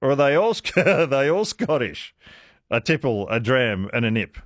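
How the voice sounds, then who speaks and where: Lively radio host man. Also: medium pitch, moderate pace, no room sound, studio quality. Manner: chatty, musing aloud with strings of questions. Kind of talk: talkback radio chat. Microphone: studio microphone.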